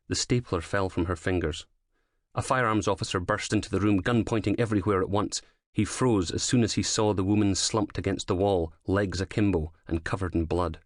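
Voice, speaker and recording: A man reads a crime thriller in a measured, dramatic storytelling voice. His voice sits low and the close studio recording is completely dry. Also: fairly even intonation, dry recording. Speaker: audiobook narrator. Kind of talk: scripted narration of a crime thriller.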